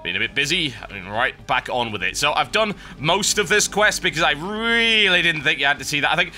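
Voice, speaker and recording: A man giving sardonic, animated commentary over a video game he is playing. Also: fairly high pitch, brisk. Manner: sardonic, animated, wry complaints. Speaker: gameplay commentator. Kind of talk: let's-play commentary.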